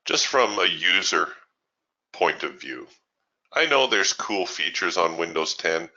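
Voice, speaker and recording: Low-voiced man chatting on a webinar. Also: expressive, a little slow, sharp tone, muffled recording. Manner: chatty, opinionated, laughs easily. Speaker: trading webinar host. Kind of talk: casual live-stream chat answering viewer questions.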